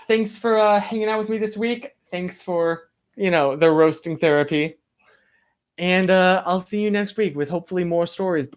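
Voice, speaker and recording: A man's voice: high-pitched, normal speed, clear, resonant tone. A young man hosting a casual livestream, chatting to viewers in a rambling, apologetic way full of filler words. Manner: playful, reads chat names aloud. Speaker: livestream host.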